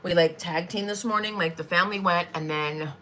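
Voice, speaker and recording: Rambly craft vlogger lady, kinda low voice, chatty and filler-heavy, live stream at her desk. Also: brisk, sharp tone, a little hiss or hum.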